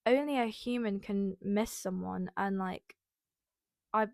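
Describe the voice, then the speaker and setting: A woman's voice: medium pitch, takes it slowly, vocal fry, darkish tone, dry recording, studio quality. A young woman, hosting a casual personal podcast, rambling with many fillers and near tears. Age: young adult. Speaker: podcast host.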